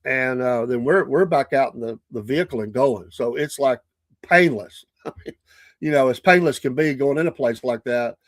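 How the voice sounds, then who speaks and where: An older man with a Southern US accent hosts a podcast, telling a rambling story in casual chat, animated and chuckling, often restarting his sentences. His voice is medium-pitched at a moderate pace, with no room sound.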